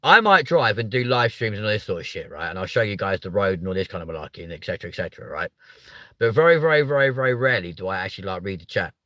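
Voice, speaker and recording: A young man hosting a live comedy stream from a car, sweary and mocking, jumping from loud outbursts to muttered asides. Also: lowish voice, expressive, racing, dry recording. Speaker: host of a live stream show. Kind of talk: crude comedic live chat.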